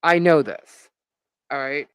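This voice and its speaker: A woman live-streaming as a vlogger, telling a gossip story in an animated, indignant way with lots of fillers. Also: low voice, slow, smooth, dry recording, rough recording.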